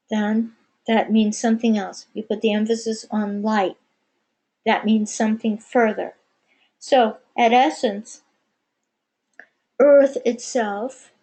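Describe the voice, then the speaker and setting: A woman giving a spiritual channeling session, speaking as "we" in a measured way with many pauses. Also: medium pitch, darkish tone, poor audio. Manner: measured, pausing often, speaks as "we". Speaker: channeler answering questions. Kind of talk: slow meditative spiritual channeling.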